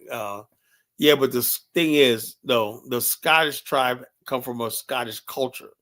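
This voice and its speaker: A man holds forth as a show host, rambling and blunt, with plenty of profanity. He keeps breaking off to ask a co-host whether he agrees. His pitch sits in the ordinary middle for a man. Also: pushed and bright. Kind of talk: casual opinionated monologue.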